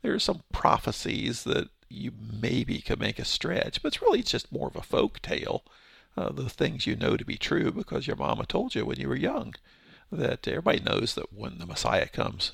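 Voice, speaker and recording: A man's voice: mid-range voice, huge pitch swings, normal speed, gravelly, fairly bright tone, slightly rough, no room sound. A man giving a casual verse-by-verse Bible teaching, explaining with rhetorical questions and his own paraphrases.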